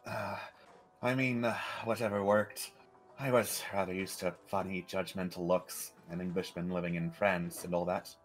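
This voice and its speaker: A man's voice: sits low, level tone, normal speed, soft background music, natural voice. An actor playing an anxious Englishman, a stage performer living in France, who talks in a hesitant, rambling way. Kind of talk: character role-play.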